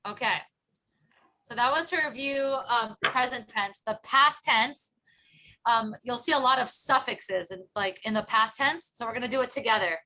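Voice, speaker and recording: A woman's voice: a little high, normal speed, bright, forceful tone, a little hiss or hum. A woman teaching a Hebrew class over a video call, patiently drilling phrases with her students and often laughing. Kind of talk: online class instruction.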